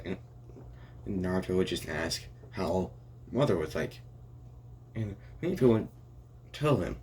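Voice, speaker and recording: Young male storyteller, low voice, loose and rambling, lots of restarts, slight background noise. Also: lively intonation, a little slow, pauses often, darkish tone. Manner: rambling, many restarts and "and it's like". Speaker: fan fiction storyteller. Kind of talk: improvised spoken fan story.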